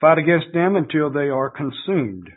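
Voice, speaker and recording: Earnest preacher on a tinny line. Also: male voice, fairly high pitch, very animated, normal speed. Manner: earnest, reads scripture aloud and comments with fillers. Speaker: pastor. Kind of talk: sermon. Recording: tinny phone-like radio broadcast.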